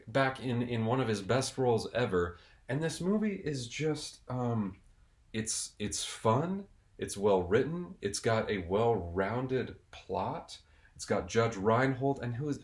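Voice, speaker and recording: A man hosting a casual, jokey video review, rambling and restarting his sentences. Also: mid-range voice. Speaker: video host and film reviewer.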